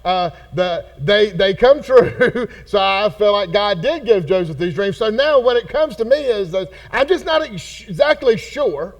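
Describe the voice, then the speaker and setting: Animated high-voiced pastor. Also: male voice, measured pace, few pauses. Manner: folksy, animated, acts out characters. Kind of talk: casual Bible study teaching. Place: church hall.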